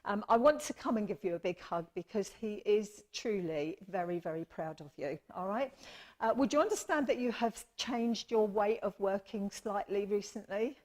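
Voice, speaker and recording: A woman medium with a medium-pitched, somewhat mellow voice speaks at normal speed during a live mediumship demonstration. Giving readings at a church service, she's chatty and affectionate, often saying sorry and using "my lovely."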